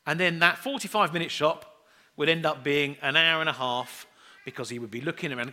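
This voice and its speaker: A man's voice: a little high, a little fast, pushed and bright. A middle-aged man preaching a sermon, telling chatty, self-deprecating family stories and acting out the voices in them.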